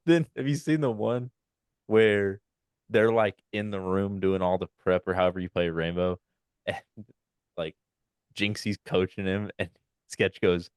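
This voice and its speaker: A young man co-hosting a casual podcast, telling animated stories and acting out quotes in high loud voices. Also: unhurried, long pauses, clear, resonant tone, dry recording, studio quality. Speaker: podcast co-host. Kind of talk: casual chat.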